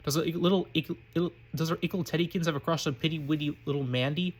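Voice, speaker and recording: A snide, snobbish eleven-year-old girl from a fan story, read by a man in his everyday voice. The reading moves fast and often stumbles and restarts mid-phrase. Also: a little high, fairly even intonation, breathy edge. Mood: mocking. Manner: quick reading with frequent slips and restarts. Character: snobbish pure-blood girl of eleven, catty. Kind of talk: reading fan fiction aloud.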